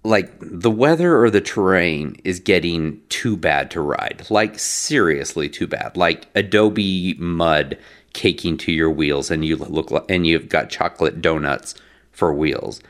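A man's voice: low-pitched, unhurried. A man co-hosting a podcast, chatting casually and telling a rambling story with laughs. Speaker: podcast co-host.

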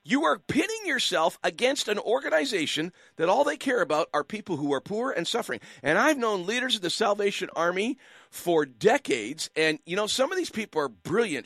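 A man's voice: sits high, a bit bright, no echo. A man hosting a call-in radio show, preaching with fire and hammering his listeners with rhetorical questions. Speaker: radio talk show host. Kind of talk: impassioned call-in radio commentary.

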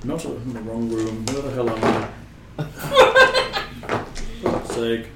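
A man's voice: medium pitch, slow pace, very noisy. A man running a tabletop game as game master, joking and swearing casually. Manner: animated, profane, joking. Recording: roomy, distant mic with faint ambience.

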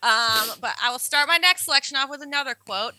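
A woman co-hosting a podcast in casual chat, recapping with lively enthusiasm. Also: high voice, brisk, no room sound, low-quality recording. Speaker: podcast co-host. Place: New Orleans.

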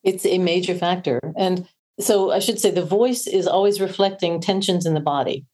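A woman's voice: fairly low pitch, steady tone, normal speed, a little mellow. A woman voice coach on a podcast, explaining and demonstrating how breathing shapes the voice. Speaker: voice coach guest. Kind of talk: podcast interview.

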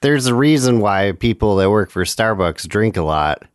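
A man's voice: lowish voice, animated, moderate pace, clear, resonant tone, no room sound, studio quality. A man chatting casually on a podcast in a laid-back, wry way. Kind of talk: casual chat.

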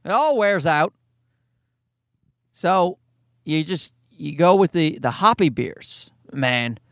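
Lively, profane young Canadian man ranting. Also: on the high side, no room sound, clean studio sound. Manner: profane, rambling, self-mocking. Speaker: podcast host. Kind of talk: casual comedic rant. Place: parked car in a garage.

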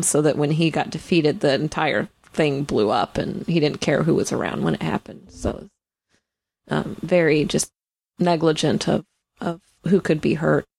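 A woman's voice: low-pitched, gravelly, dry recording. A woman co-hosting a podcast, talking casually and hesitantly with many fillers. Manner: hesitant, full of "you know" fillers. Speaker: podcast co-host. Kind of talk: casual chat.

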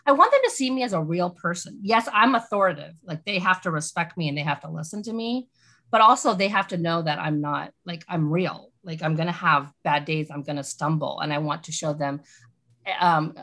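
A woman talking casually as a podcast guest, animated and rambling with lots of "like"s. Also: sits low, a little fast. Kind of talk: casual chat.

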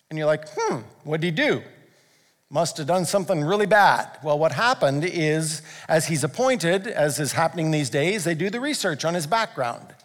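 A male pastor preaching a sermon, earnest and building to fervent emphasis. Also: high-pitched. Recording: long hall reverb.

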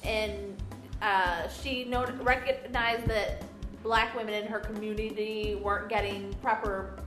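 A woman's voice: medium pitch, fairly even intonation, measured pace, reverberant, music in the background. Rambling enthusiastic woman chatting. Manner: rambling, enthusiastic, lots of fillers. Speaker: podcast co-host. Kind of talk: casual chat.

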